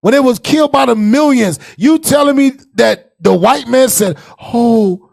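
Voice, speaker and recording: A man hosting, reacting to videos in animated, preachy commentary. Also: very high-pitched, normal speed, gravelly. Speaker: host.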